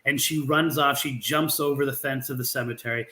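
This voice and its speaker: Bright, lively storytelling man. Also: medium pitch, a little fast, low-quality recording. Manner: animated storyteller with frequent restarts and fillers. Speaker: guest author and researcher. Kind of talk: telling a local legend in an interview.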